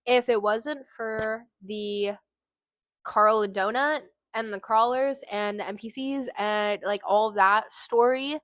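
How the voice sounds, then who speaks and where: Speaking slowly in a slightly high, somewhat bright voice, a book vlogger gushes over a book she adores, rambling into tangents and dropping the odd swear word. No room sound is audible.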